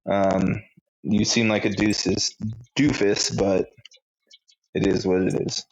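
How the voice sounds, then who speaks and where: A man with a low voice co-hosts a casual podcast chat, laid-back and blunt, swearing casually. His mic sounds dull and lo-fi, with clicking in the background. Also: little pitch movement, slow pace, creaky. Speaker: podcast co-host.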